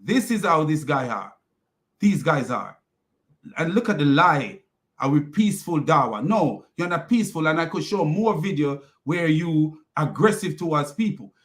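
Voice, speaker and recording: Scornful ranting man, fairly high voice. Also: animated, normal speed. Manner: scornful, mocking, laughs often; heated, repetitive. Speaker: online commentator. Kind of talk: casual ranting commentary.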